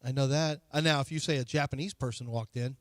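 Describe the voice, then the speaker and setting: A man's voice: mid-range voice, fairly even intonation, dry recording. Boastful sports radio man, dry sound. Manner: boastful, teasing, quick retorts. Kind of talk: casual sports talk banter. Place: radio studio.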